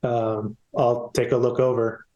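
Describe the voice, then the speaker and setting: Male player, mid-pitched, laid-back and hesitant, recorded in a roomy, echoey space. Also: level tone, measured pace, dark tone, muffled recording. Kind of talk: tabletop game play. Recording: roomy echo.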